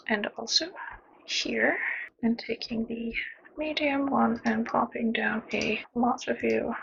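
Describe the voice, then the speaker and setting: Playful gravelly-voiced woman muttering while building. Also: fairly high pitch, sharp tone, muffled recording, slight background noise. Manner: chatty, playful sound effects, mutters half-whispered asides. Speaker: gameplay streamer building a zoo. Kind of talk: casual commentary while playing.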